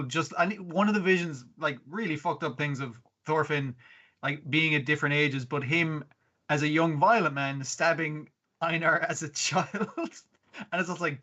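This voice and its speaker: A man's voice: fairly high pitch, normal speed, bright, forceful tone, highs cut off. A man co-hosting a casual podcast, swearing freely and acting out characters' lines as he recaps episodes. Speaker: podcast co-host. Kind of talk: casual anime podcast chat.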